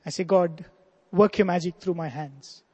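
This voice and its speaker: A man's voice: high voice, moderate pace, darkish tone, breathy edge. A man voicing a veteran heart surgeon in his sixties, reflective and humbled. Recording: long hall reverb.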